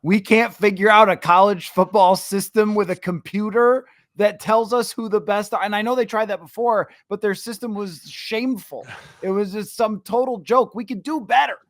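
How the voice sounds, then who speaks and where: A man's voice: sits high, fairly even intonation, moderate pace, hardly any pauses, no echo, studio quality. A man hosting a sports podcast, chatting casually, opinionated and ranting at times, with frequent filler sounds. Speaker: podcast host.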